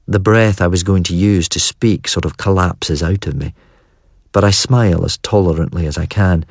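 A man narrates a story in the first person with a measured, even delivery. His voice is very deep and slightly husky. The recording is dry and close, with no room sound. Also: dry recording. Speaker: audiobook narrator.

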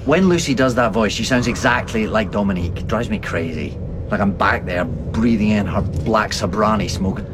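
A man's voice: on the low side, normal speed, over music. A man playing an exasperated father in a comedy drama, talking dryly. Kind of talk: sitcom acting.

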